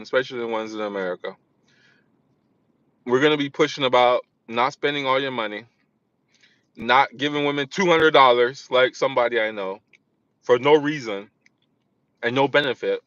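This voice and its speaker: A man gives a loose, rambling vlog monologue, stumbling over restarts and repeating himself. His voice sits at a middle pitch with a bright, forceful edge. The recording is dry and slightly dull, like cheap lo-fi gear. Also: no room sound. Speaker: vlogger. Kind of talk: casual monologue.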